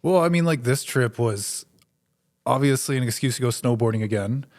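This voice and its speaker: A young man co-hosting a podcast in a rented studio. He talks in a relaxed way, cracks dry jokes and fills his speech with "like" and "dude.". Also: mid-range voice, normal speed. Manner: laid-back, dry joking, says "like" and "dude" a lot. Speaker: podcast co-host. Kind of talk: casual chat.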